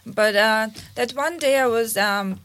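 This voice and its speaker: A woman with a Russian accent and Russian as her first language, telling lively anecdotes as a guest. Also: on the high side, a little slow, a little hiss or hum. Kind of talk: storytelling in casual chat.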